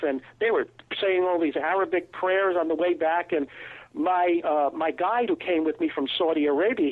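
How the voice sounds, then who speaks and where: A male guest recounting a personal encounter, storytelling with pauses and restarts. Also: fairly high pitch. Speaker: guest investigator. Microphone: phone line. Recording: tinny phone line.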